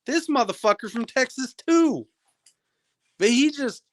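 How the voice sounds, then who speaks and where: A man's voice: extremely high pitch, lively intonation, a little slow, long pauses, dry recording, clean studio sound. A young man on a livestream, ranting at a viewer in his chat, profane, combative and taunting.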